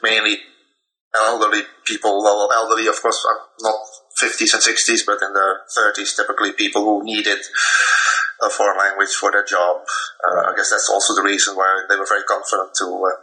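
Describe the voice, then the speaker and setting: An older man from the Netherlands talks through his memories as an interview guest. His voice is very bright and a little low, and he speaks haltingly, full of fillers and false starts. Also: completely flat delivery, rough recording. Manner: halting, many fillers and restarts. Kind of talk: recounting memories in conversation.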